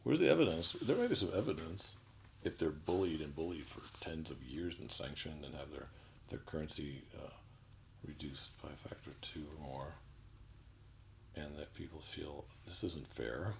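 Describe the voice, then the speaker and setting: A man delivering an indignant, sarcastic political commentary monologue, halting with frequent restarts. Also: very deep voice, lively intonation, vocal fry, a little hiss or hum, poor audio.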